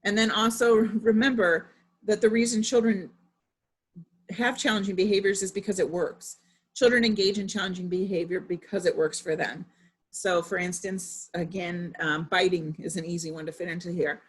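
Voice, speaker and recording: Husky-voiced mother presenting a parenting talk. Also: medium pitch, steady tone, moderate pace. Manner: conversational, with frequent fillers and personal anecdotes.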